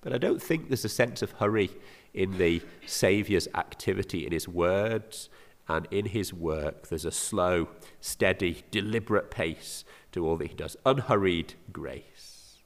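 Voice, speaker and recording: A man's voice: sits low, measured pace. A man with an English accent preaching a sermon, earnest and often asking his listeners rhetorical questions. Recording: reverberant hall.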